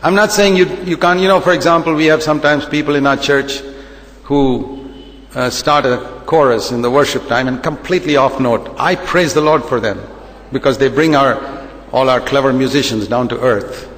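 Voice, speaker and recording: A man's voice: mid-range voice, normal speed, fairly bright tone, long reverb tail, low-quality recording. A man preaching a sermon as a pastor, emphatic and repetitive, firing rhetorical questions.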